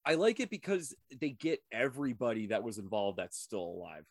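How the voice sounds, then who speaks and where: A man's voice: mid-range voice, big pitch swings, brisk, no room sound, clean studio sound. A man co-hosting a podcast in casual chat, rambling and crude, stumbling over names, on a video call. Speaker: podcast co-host.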